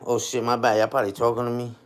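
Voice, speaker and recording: A man's voice: medium pitch, level tone, racing. A man in his forties hosting a casual livestream chat on his phone, slangy and chatty, answering viewer comments and tagging lines with "you heard?". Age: 40s. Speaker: livestream host.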